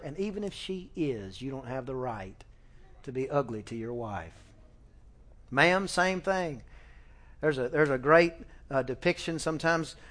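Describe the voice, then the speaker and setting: A middle-aged man preaching a sermon in a folksy, animated way, with fillers and restarts, sometimes acting out family conversations. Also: fairly high pitch. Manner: acts out family dialogue with shifting voices. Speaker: pastor.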